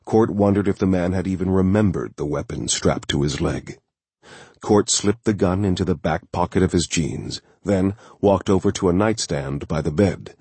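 A man narrating a thriller audiobook in a steady, measured way. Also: deep voice, husky, dry recording.

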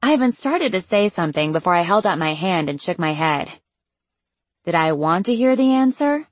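A woman's voice: on the low side, very animated, normal speed, no echo. A young woman narrating a novel in the first person, wry and casual, swearing now and then. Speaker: audiobook narrator.

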